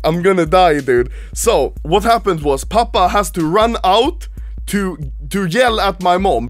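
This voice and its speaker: A man casually telling a story to camera, laughing often and swearing freely. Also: high voice.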